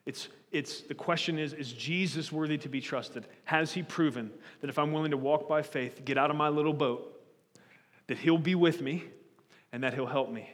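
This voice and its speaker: A man's voice: fairly high pitch, normal speed, long reverb tail. A man preaching a sermon as pastor, earnest and pleading, often restarting and repeating words as he builds his point.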